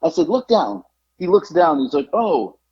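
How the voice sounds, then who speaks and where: A man hosting a podcast, telling a story in an animated, exasperated way over dull lo-fi audio. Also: fairly high pitch, moderate pace, husky. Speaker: podcast host. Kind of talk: casual chat, storytelling.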